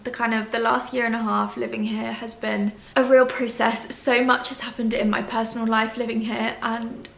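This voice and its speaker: Teary gravelly woman vlogging. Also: on the high side, level tone, moderate pace, few pauses. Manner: gushing, breathy and soft-spoken. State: teary, emotional. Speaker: lifestyle vlogger. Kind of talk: tearful reflective vlog chat. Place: empty flat at home, indoors. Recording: echoey room, faint background hum.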